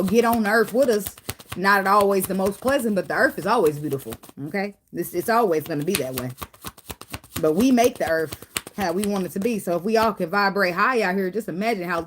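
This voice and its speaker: A woman giving a casual spiritual tarot reading, swearing freely and jumping into high acted quotes. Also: noisy background. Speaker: tarot reader.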